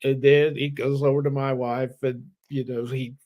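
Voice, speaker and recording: A man co-hosting a betting podcast, telling an animated story in casual chat, swearing now and then and laughing. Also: medium pitch, normal speed, lo-fi sound. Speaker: co-host.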